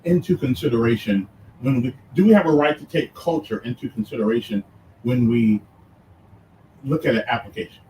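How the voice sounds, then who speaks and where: A man hosting a radio show, challenging his guest with halting, repeated phrases in a lively debate. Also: medium pitch, slight background noise. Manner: animated, halting and repetitive, challenging. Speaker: radio host. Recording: roomy distant sound with faint ambience.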